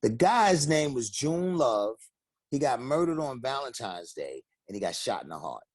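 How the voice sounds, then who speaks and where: This Bronx-born rapper and singer, speaking in a mid-range voice at a moderate pace on a dry recording, swaps casual stories in an interview. He animates each tale, raising his voice to act out quotes.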